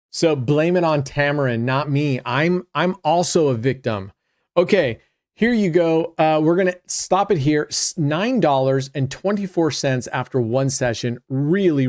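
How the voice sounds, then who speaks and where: A man's voice: mid-range voice, a little slow, a little mellow, no room sound, studio quality. A man hosting his own channel, chatting casually to viewers as he plays roulette, often trailing off mid-sentence. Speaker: host. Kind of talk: casual commentary while playing roulette.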